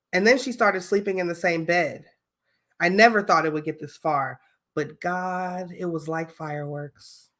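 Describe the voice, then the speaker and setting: A woman's voice: on the low side, fairly bright tone. A woman reading as a blunt, weary college girl coming out. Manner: blunt, weary confession read aloud. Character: young female college student coming out to boyfriend. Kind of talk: comic dramatic reading.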